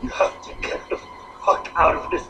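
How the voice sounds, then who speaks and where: An actor playing a dying male asylum victim who gives an urgent, rasping whispered warning. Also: moderate pace, pushed and bright, a little hiss or hum, lightly acted. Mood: urgent, desperate. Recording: distant echoey game audio with music.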